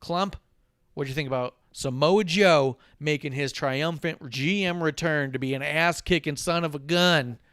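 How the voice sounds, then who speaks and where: A man hosting a podcast, retelling a wrestling show with lively swearing and acted-out quotes. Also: fairly high pitch, a little slow, dry recording, clean studio sound. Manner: animated retelling, voicing characters and swearing. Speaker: podcast host. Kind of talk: casual wrestling recap chat.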